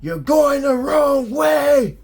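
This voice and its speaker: A man voicing a bossy elderly male parking attendant in his seventies, who scolds loudly and slowly. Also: very high-pitched, expressive, faint music behind, voice pushed up, exaggerated voice. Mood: scolding. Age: 70s. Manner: loud, slow, scolding.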